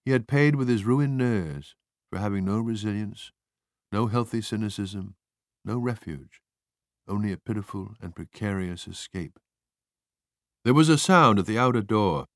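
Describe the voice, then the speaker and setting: A man narrates a literary story in a measured, expressive manner. His voice sits low and the recording is dry and close, with no room sound. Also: no echo.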